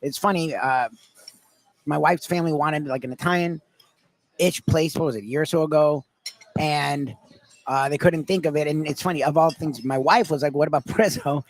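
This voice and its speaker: A man's voice: a little high, moderate pace. A man chatting casually as a guest, laughing easily and rambling through anecdotes. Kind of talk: casual chat.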